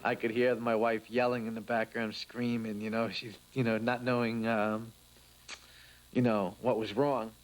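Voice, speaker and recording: A man, a firefighter, haltingly recounting a phone call in a documentary interview. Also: on the low side, little pitch movement. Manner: halting retelling with fillers. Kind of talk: first-hand account in a documentary interview.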